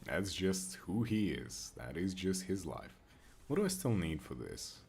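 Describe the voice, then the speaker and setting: A man's voice: low voice, big pitch swings, unhurried, creaky, a little mellow, slightly rough. A young man joking crudely and rambling while he plays a game and answers chat. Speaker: streamer. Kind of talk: casual gameplay commentary with chat.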